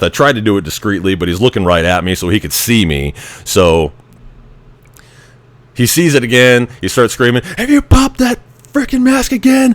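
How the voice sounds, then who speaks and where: A man's voice: fairly low pitch, clear, resonant tone, no room sound. A man telling a story in a casual, rambling way, with frequent restarts and military slang. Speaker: vlogger telling a training story.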